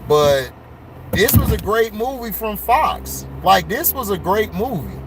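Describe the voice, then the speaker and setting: Man, high-pitched, rambling casual movie review from a car, faint road hum behind. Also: unhurried. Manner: loose, excitable, repeats himself. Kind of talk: casual chat while driving. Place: in a car on delivery rounds.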